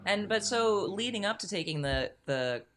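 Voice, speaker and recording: A woman's voice: medium pitch, animated, normal speed, slight background noise. Curious woman asking winding interview questions.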